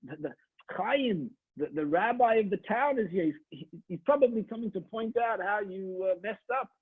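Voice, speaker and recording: A man's voice: high-pitched, lively intonation, moderate pace, husky, dry recording, pitched above the performer's own voice. A man voicing the flustered, embarrassed wife of a porter, stammering, over a tinny line.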